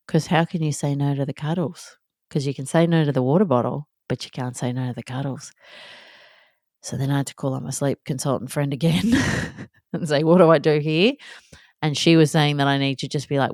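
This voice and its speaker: A woman in her thirties talks candidly into a close mic, chatty and self-deprecating, acting out little scenes as she goes. Her voice sits low, and the sound is dry and near, with no room around it. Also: fairly even intonation, normal speed, darkish tone, no room sound. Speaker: podcast host. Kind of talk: candid solo podcast monologue.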